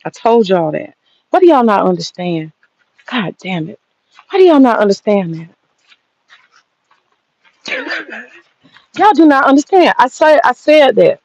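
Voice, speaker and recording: A woman's voice: a little high, big pitch swings, unhurried, pauses often, a little mellow, no room sound, low-quality recording. An American woman hosting a livestream, ranting bluntly and profanely while reading the chat. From United States. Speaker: livestream host.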